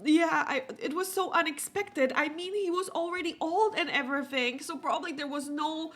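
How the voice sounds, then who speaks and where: A woman voicing a grieving young woman in a life-simulation game, speaking haltingly with sighs. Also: high voice, voice pushed up, lightly acted. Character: grieving young woman Sim, shaken by her father's death.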